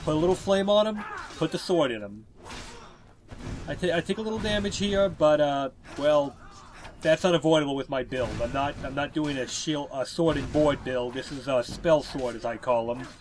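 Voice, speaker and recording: A man's voice: a little high, normal speed, a little hiss or hum. A man with a stuffy, congested voice from a cold, chatting casually and explaining gameplay as he narrates a walkthrough. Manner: chatty, explanatory, with filler words. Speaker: video game walkthrough narrator.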